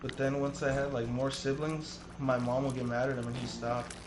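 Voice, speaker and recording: A young man in his early twenties tells loose, rambling stories in casual chat, swearing freely as he goes. The room is roomy and echoey, with a clear layer of steady noise behind him. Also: mid-range voice, moderate pace. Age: 20s. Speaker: streamer.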